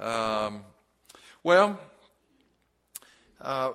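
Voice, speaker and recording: A man preaching an evening Bible study sermon, halting with many fillers and then rising to emphatic stresses. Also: medium pitch, a bit bright. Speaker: pastor.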